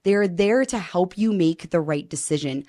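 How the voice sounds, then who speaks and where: A woman podcast host telling a story in casual interview chat, animated, acting out quoted dialogue and swearing now and then. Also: fairly low pitch, moderate pace.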